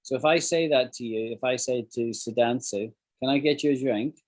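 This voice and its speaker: A man's voice: mid-range voice, a little fast. A man teaching an English class over a video call, explaining phrases and acting out examples.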